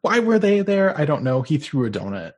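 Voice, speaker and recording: A man's voice: a little high, sing-song, brisk, darkish tone. A man co-hosting a podcast, casually recapping a film's plot in a dry, matter-of-fact way. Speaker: podcast co-host.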